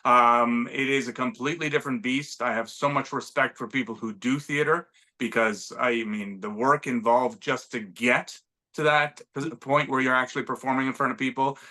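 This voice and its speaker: A middle-aged actor from Montreal, Canada, chats as a guest in a casual interview, his mid-range voice steady, bright, and forceful at a moderate pace. He's self-deprecating and keeps restarting his sentences.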